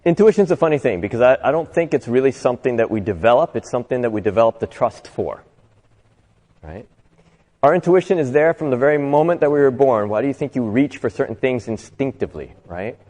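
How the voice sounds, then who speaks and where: A man speaks as a motivational speaker at a live event, talking with his listeners rather than at them and tossing them rhetorical questions. His voice sits at an ordinary middle pitch, and a long hall reverb trails behind each phrase. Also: expressive, fairly quick, dark tone. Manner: conversational, asks the audience rhetorical questions. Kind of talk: inspirational talk to a live audience. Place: live talk venue.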